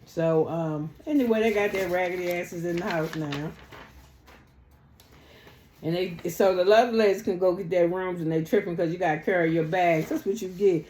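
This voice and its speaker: A woman recapping a reality show in blunt, sassy, profane casual chat. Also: on the low side. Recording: echoey room.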